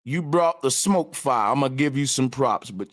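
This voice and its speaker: A man's voice: mid-range voice, animated, normal speed. A man hosting a call-in livestream, directing callers in a bossy, casual, slangy way. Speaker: host.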